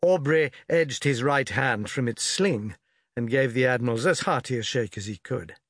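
A man with a mid-range voice reads a novel aloud for an audiobook, a scripted narration delivered in a measured, expressive storytelling manner. The recording is dry, with clean studio sound.

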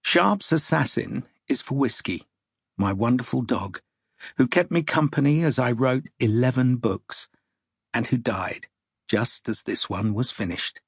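Slow, husky male audiobook narrator. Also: medium pitch, dry recording, studio quality.

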